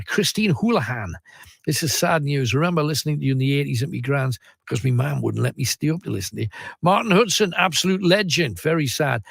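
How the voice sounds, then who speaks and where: A man's voice: medium pitch, creaky, no echo, studio quality. A man hosting a late-night radio phone-in, reading out listener messages and teasing his callers. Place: radio studio. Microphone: studio mic.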